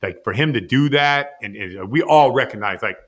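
Bright-voiced man telling a wild story. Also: medium pitch, moderate pace. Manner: lively anecdote-telling with heavy "like" fillers and acted-out quotes. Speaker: podcast guest, former player. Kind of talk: animated storytelling.

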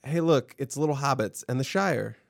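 A man's voice: medium pitch, moderate pace, vocal fry, no echo, clean studio sound. A man co-hosting a casual podcast chat, blunt and teasing. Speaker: podcast co-host.

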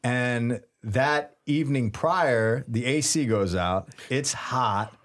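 A man in his thirties, a priest and podcast co-host, telling a story in a lively, laughing way. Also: medium pitch, slow. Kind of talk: casual storytelling chat.

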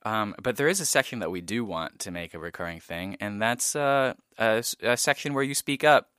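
Man, very low voice, bright edge, halting thoughtful podcast talk, dry close sound. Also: lively intonation, clear, resonant tone, no room sound. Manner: thoughtful, halting with many ums. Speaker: podcast co-host. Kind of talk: casual discussion.

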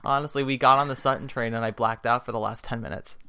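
Man, podcast co-host, casual chat, teasing, rambling, smooth bright voice. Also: medium pitch, steady tone, fast talker.

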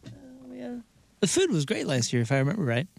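High, lively, jokey male co-host. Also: a little fast, vocal fry, dry recording. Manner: jokey, laughs often. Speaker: radio show co-host. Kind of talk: casual studio banter. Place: radio studio.

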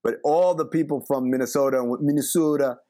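A man's voice: mid-range voice, fast. A man co-hosting a podcast, telling stories in casual chat and laughing often. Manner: animated storyteller, laughs often. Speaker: podcast co-host.

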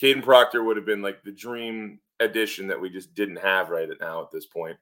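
A middle-aged man co-hosting a sports podcast, thinking aloud in a measured way with fillers. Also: on the low side, steady tone, sharp tone. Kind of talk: casual sports talk.

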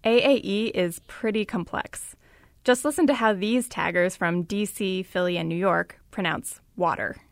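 A woman's voice: mid-range voice, moderate pace, no echo. Woman narrating a podcast story, dry sound. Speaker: reporter and narrator.

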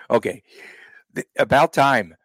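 Male sports podcaster, mid-pitched, jokey and loose, dry studio sound. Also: a bit bright, husky, no echo. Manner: joking, rambling, laughs often. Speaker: podcast co-host. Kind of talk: casual sports chat.

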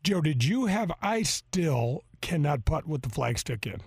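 A man's voice: a little high, sing-song, measured pace, darkish tone, husky, dry recording. Man, radio golf show host, chatty, rambling, dry studio sound. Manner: rambling and chatty, many fillers. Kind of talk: casual radio talk with live sponsor reads. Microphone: studio microphone.

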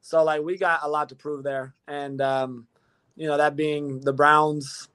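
A young man in his twenties, a football player answering interview questions in a measured, modest way, often restarting his phrases. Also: a little high, little pitch movement, sharp tone, clear, resonant tone. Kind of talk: casual interview.

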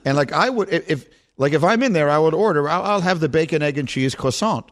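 Middle-aged male sports radio host, slightly high voice, animated banter. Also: fast. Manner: animated, chatty, playful with co-hosts. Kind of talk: casual sports talk radio.

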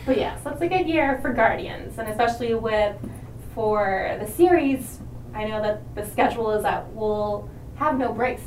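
A woman's voice: a little high, moderate pace, darkish tone, a little hiss or hum. Giggly woman host, echoey distant mic. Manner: giggly, laughs often. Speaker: podcast host. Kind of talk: casual chat.

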